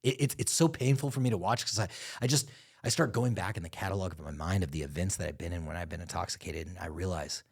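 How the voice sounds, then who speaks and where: A man's voice: low voice, fast, creaky, breathy edge. A man co-hosting a podcast, telling stories in casual chat, swearing a lot, laughing, and doing impressions. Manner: profane, laughing storyteller with lively impressions. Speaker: podcast co-host.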